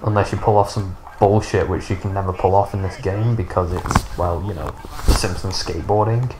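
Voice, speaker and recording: A man in his thirties rambles through casual gameplay commentary in a lowish voice. He is sarcastic and sweary, and a faint hiss of noise sits under his talk. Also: steady tone, fairly quick. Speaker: gaming YouTuber.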